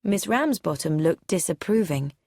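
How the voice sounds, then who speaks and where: Clear, measured woman narrating a storybook. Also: on the low side, lively intonation, darkish tone, no echo, studio quality. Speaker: audiobook narrator. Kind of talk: scripted audiobook narration for learners.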